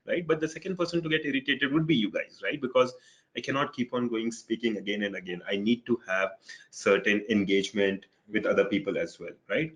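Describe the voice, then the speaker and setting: A man's voice: mid-range voice, a little fast, fairly bright tone. A man co-presenting a webinar on a video call, explaining casually and often adding "right?".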